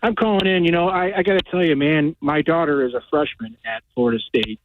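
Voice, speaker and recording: A man calling in to a radio show, earnest and emotional, talking haltingly. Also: on the high side, phone-quality sound, noisy background. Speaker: caller. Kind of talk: call-in radio talk. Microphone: phone line.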